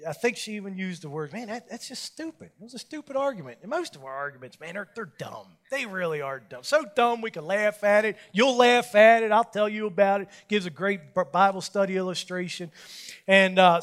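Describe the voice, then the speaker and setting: A man with a high voice preaches in a relaxed storytelling style. He pokes fun at himself and livens up as he acts out the scenes, keeping it casual and folksy. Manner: folksy, self-mocking, animated when retelling scenes. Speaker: preacher leading a Bible study. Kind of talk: storytelling sermon.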